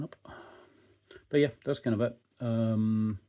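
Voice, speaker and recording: A man's voice: on the low side, steady tone, takes it slowly, mellow. A Scottish man narrating his home cooking in a laid-back, casual way, with frequent fillers and swearing. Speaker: home cook and channel host.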